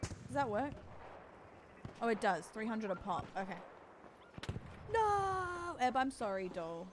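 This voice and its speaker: A woman's voice: on the high side, very animated, takes it slowly, noisy background. A woman livestreaming a game, chatting casually and reassuringly with her viewers. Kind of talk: casual gaming stream chat.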